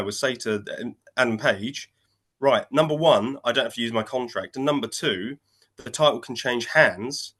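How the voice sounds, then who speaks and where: A man, co-hosting a casual wrestling chat and retelling a match in an animated way, jumping into quoted voices. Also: mid-range voice. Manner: animated storytelling, acting out quotes in shifting voices. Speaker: wrestling podcast co-host.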